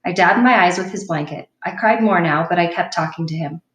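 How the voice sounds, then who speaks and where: A woman's voice: on the low side, brisk, fairly bright tone. Woman reading a novel in a roomy room. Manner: plain, unpolished reading with an occasional slip. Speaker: audiobook reader. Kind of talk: reading a children's novel aloud. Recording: roomy sound from a distant mic.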